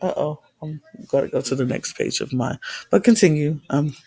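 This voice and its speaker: A woman's voice: low-pitched, normal speed, a crowd in the background. A woman co-hosting a podcast, recapping a reality show in casual chat with an emphatic, heated manner. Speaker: podcast co-host.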